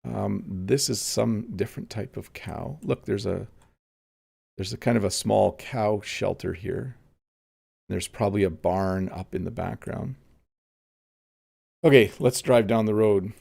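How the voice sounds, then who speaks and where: A man's voice: lowish voice, a little slow, vocal fry, pauses often, darkish tone, breathy edge. A middle-aged man from Canada, an English teacher chatting casually through a live-streamed lesson while he plays a game and answers viewers.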